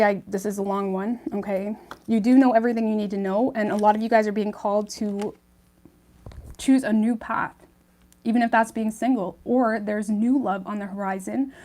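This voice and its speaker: A tarot reader gives her viewers a casual reading, chatty and reassuring, with lots of ums and okays and frequent check-ins like "okay?" and "right?". Her voice is mid-range with a darkish tone.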